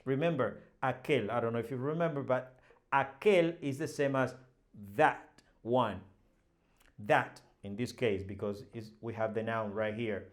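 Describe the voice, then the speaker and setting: A man's voice: medium pitch, a little slow. A man teaching a Spanish lesson, explaining each phrase patiently and repeating the examples with rising emphasis. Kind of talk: slow language lesson.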